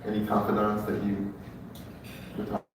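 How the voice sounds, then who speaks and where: A man interviewing a guest on stage, asking gentle, plain questions. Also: lowish voice, level tone, moderate pace. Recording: echoey hall from far off, loud crowd noise.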